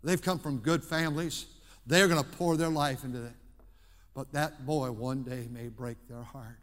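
A man preaching a sermon as pastor in a church, impassioned, swinging between hushed and shouting. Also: medium pitch, fairly even intonation, moderate pace, big-room sound. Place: church sanctuary.

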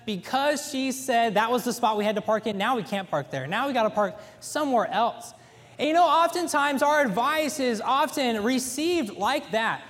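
High-voiced preacher in an echoey church. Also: male voice. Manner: folksy storytelling with animated emphasis. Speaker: pastor. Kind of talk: sermon.

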